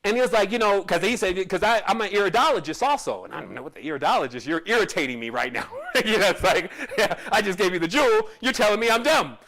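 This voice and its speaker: Man, high-pitched voice, spiritual teacher, casual storytelling, rambling, self-correcting. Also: expressive, fast, hardly any pauses, sharp tone. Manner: rambling, with frequent restarts and asides.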